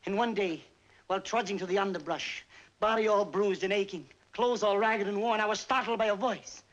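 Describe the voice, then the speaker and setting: A man's voice: high-pitched, a little fast, fairly bright tone, dull audio. An actor playing a self-mocking male entertainer just home from army service, telling a wry story with comic timing in a 1950s film stand-up monologue. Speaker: stage entertainer.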